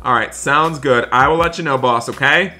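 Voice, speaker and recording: Over faint music, a man with a mid-range voice and a sharp tone speaks at a normal speed while hosting a game roleplay. He addresses his viewers, then slips into a polite hotel-staff voice for his character's lines.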